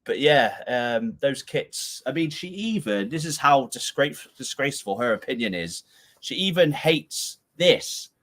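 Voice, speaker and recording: A man hosts a casual live-stream chat from home, heard through a camera that serves as his webcam. His pitch sits in an ordinary middle range. He rambles and often breaks into laughter. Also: very animated, measured pace, a bit bright. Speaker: show host. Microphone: camera used as webcam.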